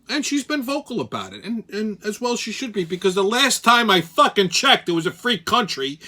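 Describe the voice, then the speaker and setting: A man's voice: high voice, sharp tone. A man hosting a weekly commentary show, ranting in a blunt, sarcastic and profane way.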